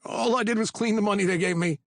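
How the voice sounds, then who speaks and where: A man voicing a frightened male money launderer who stammers in a high, shaky voice. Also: fast talker, no echo.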